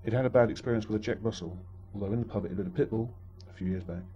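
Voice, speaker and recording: A man recounts a story at a brisk pace, his humor dry and wry and his voice deep and dark. Faint music plays behind him on a muffled, dull-sounding recording.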